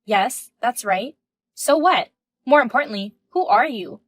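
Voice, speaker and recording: A woman's voice: fairly high pitch, animated, unhurried, a bit bright, no echo. A woman in her thirties voicing a composed, indignant wife in a text-message story, firm and questioning. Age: 30s.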